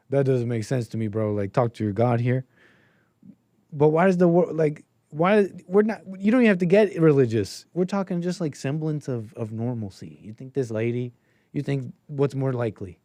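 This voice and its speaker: A man's voice: medium pitch, lively intonation, normal speed, darkish tone, no echo. Young guy streamer riffing, sarcastic, laughs a lot, dry close mic. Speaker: streamer host. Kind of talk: casual live-stream commentary.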